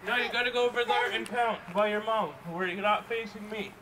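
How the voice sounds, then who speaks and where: Excitable high-voiced man vlogging outdoors. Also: brisk. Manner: excitable, exclaiming, narrating to the camera. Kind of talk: casual family vlog. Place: outdoors in a built-up area. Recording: outdoor ambient noise.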